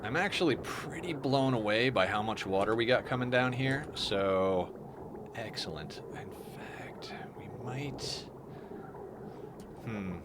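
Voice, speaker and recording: A man's voice: lowish voice, moderate pace. A man streaming a game live, chatting casually and explaining each step of his plan as he goes. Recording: steady background noise.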